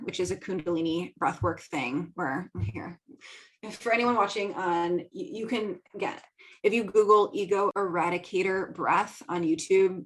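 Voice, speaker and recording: A chatty young woman from the Midwest talks through her own solo podcast. Her voice sits a little low for a woman. She laughs easily and fills her sentences with "like". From American Midwest. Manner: chatty, laughs often, says "like" a lot. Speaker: podcast host and business coach. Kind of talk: casual solo talk.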